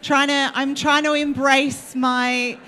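An Australian woman preaches in a loose, chatty way, joking and talking straight to the people in front of her. Her voice sits a little high for a woman. She is young, and the sermon feels more like conversation than a lecture. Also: level tone, slow pace, bright, forceful tone. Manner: chatty, joking, addressing the congregation directly. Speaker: church speaker. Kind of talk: casual sermon.

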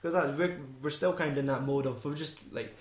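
A man's voice: fairly high pitch, fairly quick, roomy sound. A Scottish man co-hosting a podcast, rambling and swearing casually as he talks through a film. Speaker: podcast co-host.

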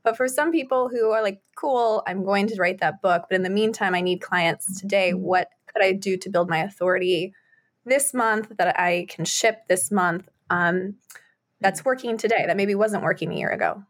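A woman's voice: medium pitch, moderate pace. A woman co-hosting a podcast who asks questions in a casual, friendly chat. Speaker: podcast co-host.

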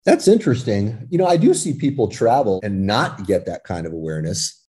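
A man's voice: on the low side, brisk. A man from California, a podcast guest telling stories with lots of fillers in casual conversation. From California, United States. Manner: animated storyteller, frequent fillers.

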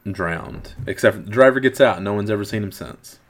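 A middle-aged podcast host chats casually about a movie he loves, rambling and repeating words as he sorts out his thoughts. His voice sits fairly low and moves a little fast, in a relaxed movie review conversation.

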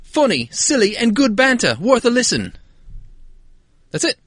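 A man's voice: very high-pitched, wildly swooping pitch, unhurried, a bit bright, no echo, studio quality, voice pushed up, heavily acted. A man doing an exaggerated mock-English accent as a male listener reading out his own glowing review. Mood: chirpy.

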